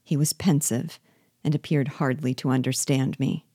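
A woman reading a classic novel aloud in a measured, steady narration. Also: rumbling low, breathy edge, dry recording, clean studio sound. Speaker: reader.

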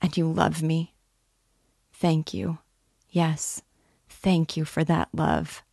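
A tender young woman pours out a remorseful, imploring plea, as a female reader gives her voice. The tone stays low and even, unhurried, with a gravelly edge. It sounds close and dry. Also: no echo, full character voice. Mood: pleading. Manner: soft, earnest, imploring.

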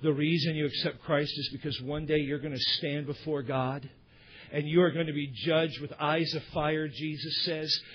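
A man's voice: fairly high pitch, fairly even intonation, normal speed. A male pastor preaching a sermon, telling stories with candid, conversational asides to his congregation, on a dull lo-fi recording. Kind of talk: sermon with storytelling. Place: church service.

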